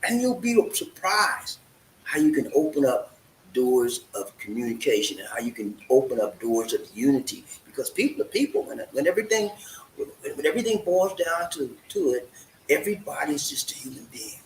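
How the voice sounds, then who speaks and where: Man coaching his audience in casual talk, lively swings in pitch, recorded in an echoey room with faint noise. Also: normal speed. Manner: animated, repeats "man", asks rhetorical questions. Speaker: relationship advice host. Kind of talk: casual advice talk to camera.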